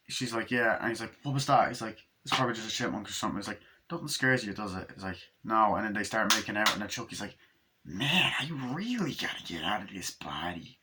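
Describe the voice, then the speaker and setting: A man's voice: fairly low pitch, pushed and bright, slight background noise. A man giving a casual, profane movie review, rambling through scenes and acting out quoted lines in passing.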